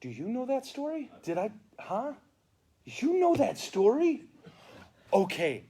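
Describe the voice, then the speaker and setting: A priest with a very high, slightly rough voice speaks at a slow pace, telling funny stories in a casual catechesis talk. He's an animated, comic storyteller full of mock outrage, live-streamed from indoors at a funeral home.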